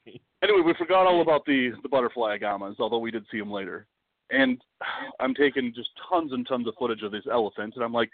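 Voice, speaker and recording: A man guesting on a podcast, telling a travel story in a lively, dramatic way and swearing freely. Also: mid-range voice, fast talker, no room sound. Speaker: podcast guest, wildlife video producer. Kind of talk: casual storytelling. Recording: dry, tinny phone-like line.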